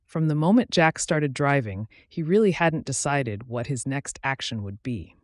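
A man narrating his own story like an audiobook, reading at a measured, steady pace. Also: medium pitch, no echo, studio quality.

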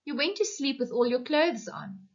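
A woman's voice: high voice, big pitch swings, normal speed, voice pushed up, heavily acted. A woman voicing a father who speaks fondly but firmly in a story reading. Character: fond but firm father. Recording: muffled lo-fi recording.

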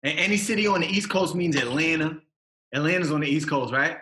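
A man's voice: on the high side, a little fast, sharp tone, roomy sound. A young man, a rapper talking in a casual podcast interview, emphatic and slangy, hammering his points home. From Massachusetts. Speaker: rapper guest.

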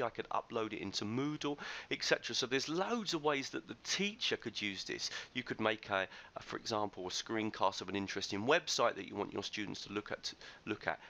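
A man with a lowish, sharp-toned voice leads an enthusiastic, chatty screencast tutorial as a teacher trainer. Captured on a computer microphone, his explanations ramble through loose restarts.

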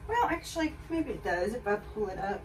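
Talking a little fast in a sing-song, medium-pitched voice, a woman gives a casual try-on haul chat to her viewers. She sounds slightly distant from the microphone, and faint noise hums in the background.

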